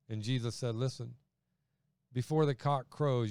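A man's voice: mid-range voice, moderate pace, vocal fry, a little mellow, clear, resonant tone, dry recording. A man preaching a sermon in a conversational way, acting out quoted voices as he goes. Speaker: pastor.

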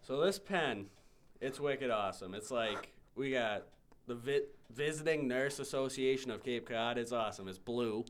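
A man's voice: mid-range voice, normal speed, natural voice. A pushy pen salesman with a thick put-on Boston accent, played by a young man. He hesitates, then repeats his selling points over and over. A faint hiss sits behind the voice.

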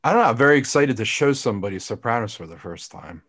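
Male co-host, blunt wry talker, expressive pitch. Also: quick pace. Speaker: podcast co-host. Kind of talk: casual chat.

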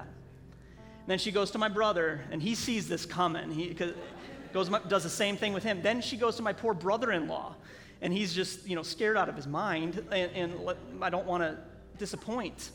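High-voiced pastor preaching in an echoing hall. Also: male voice, fairly bright tone, a little hiss or hum. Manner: earnest storytelling, halting restarts. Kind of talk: sermon. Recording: long hall reverb, faint music.

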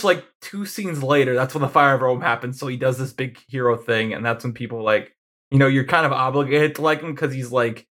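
A man's voice: medium pitch, fairly bright tone. A man co-hosting a podcast, chatting casually about a film, laughing often and acting out lines in mocking voices. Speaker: podcast co-host. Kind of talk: casual film discussion chat.

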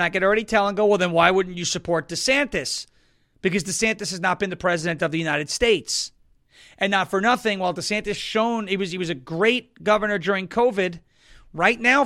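A man from Long Island, New York, hosting a political talk show with wisecracking, sarcastic commentary and bursts of loud emphasis. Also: high-pitched. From Suffolk County, New York, US.

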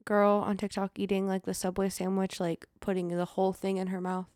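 A woman's voice: mid-range voice, little pitch movement, fairly quick, darkish tone, dry recording, clean studio sound. A woman guesting on a podcast in casual chat, telling a story.

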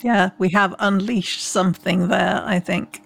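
A woman's voice: mid-range voice, steady tone, unhurried, creaky, a bit bright. A woman in a casual podcast chat, speaking with dry, wry humour. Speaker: podcast player.

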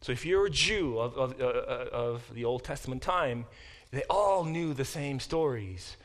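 A middle-aged man teaching a class, explaining with lively examples and frequent restarts. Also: medium pitch, unhurried. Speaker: professor teaching a Bible class. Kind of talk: classroom lecture.

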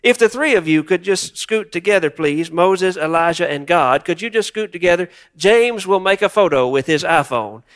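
An earnest male disciple who can't stop talking, excited and eager to please, as a preacher acts him out. His voice sits a little high. He rushes to share every idea.

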